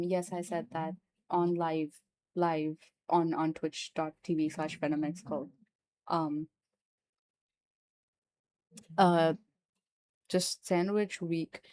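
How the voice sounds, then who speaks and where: A woman streamer and voice actor chatting live on stream, excitable and repetitive, swearing freely. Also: deep voice. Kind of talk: casual livestream chat.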